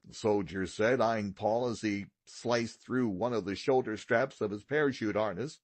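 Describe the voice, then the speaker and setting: A man with a husky, slightly breathy voice reads a children's audiobook aloud in a steady, expressive way. His voice is recorded close and dry, with no room sound behind it. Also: lowish voice, normal speed, hardly any pauses, dry recording. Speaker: audiobook narrator. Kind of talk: scripted narration.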